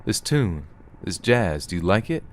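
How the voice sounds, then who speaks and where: A man voicing a menacing, hulking male stranger on a train, with a quiet, taunting manner in a horror story reading. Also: low voice, big pitch swings, a little slow.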